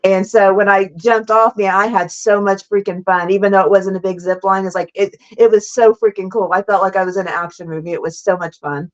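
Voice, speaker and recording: Excited woman telling wild stories. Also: mid-range voice. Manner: animated, laughing, fast bursts, says "like" and "super freaking cool" a lot. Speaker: guest. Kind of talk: casual storytelling interview. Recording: slightly dull lo-fi sound.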